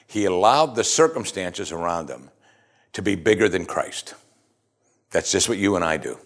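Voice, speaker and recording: With a low, creaky voice at an ordinary pace, a man gives a sermon in a chatty way. Rhetorical questions lead him into spirited, emphatic outbursts.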